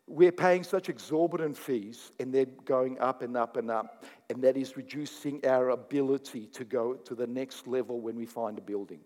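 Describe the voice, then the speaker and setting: A man preaching a sermon, telling stories and acting out conversations in an animated way. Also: high-pitched. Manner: animated, laughing, acts out dialogue. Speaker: pastor. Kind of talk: sermon with storytelling. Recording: long hall reverb.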